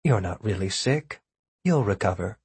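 A man's voice: lowish voice, moderate pace, slightly rough, no echo, pitched below the performer's own voice, full character voice. A man voicing a cool, detached woman. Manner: flat, offhand pleasantness.

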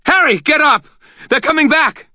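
Shrill frantic young man, screaming in panic. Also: moderate pace, pushed and bright, no room sound, full character voice. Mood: panicked. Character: panicked nervous young man, high-pitched.

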